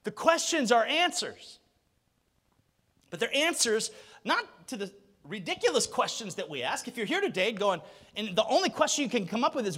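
Pastor, male, high and animated, builds from asides to shouts; recorded with long hall echo. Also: moderate pace. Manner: animated preaching with rhetorical questions and swells to a shout. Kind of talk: sermon.

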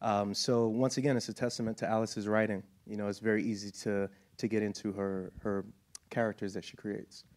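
A man's voice: lowish voice, little pitch movement, a little fast, a little mellow. Upbeat American man on a panel. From United States. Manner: laughing, enthusiastic, trailing off into fillers. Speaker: actor guest. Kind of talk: panel Q&A answer.

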